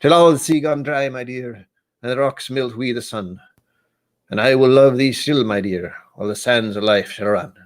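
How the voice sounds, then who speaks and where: A sentimental poem reciter with a wavering accent that drifts between Scottish and Irish, as a man puts it on. The delivery is sing-song and deliberately overdone, lifting higher and louder on each tender line. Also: lightly acted. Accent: put-on mix of Scottish and Irish. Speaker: livestream host.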